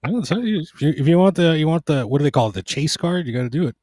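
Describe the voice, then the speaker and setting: A man's voice: on the high side, expressive, fast talker, a little mellow, no echo, clean studio sound. A man from Panama, a podcast guest chatting casually, often restarting and repeating words. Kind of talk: casual chat.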